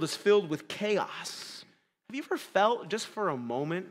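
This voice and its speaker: A man preaching a sermon as a pastor in a church, conversational and self-correcting, swinging between quiet, intimate passages and loud, urgent ones. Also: sits high, very animated, moderate pace, in a large hall.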